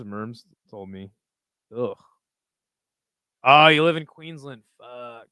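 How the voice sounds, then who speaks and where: A man's voice: medium pitch, animated, slow pace, long pauses, sharp tone, no echo. A young man hosting a live stream, chatting casually and reading viewer comments aloud in a loose, profane, rambling way. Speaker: livestream host reading chat.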